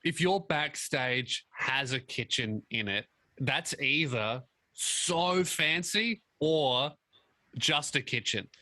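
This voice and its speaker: A young man co-hosting a casual comedy chat, reacting quickly and laughing often. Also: mid-range voice, animated, pushed and bright, no room sound.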